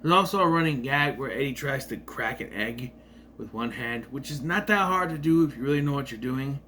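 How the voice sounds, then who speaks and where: A man's voice: mid-range voice, brisk, bright, forceful tone, slight background noise. A man giving a casual, rambling movie review with sarcastic asides.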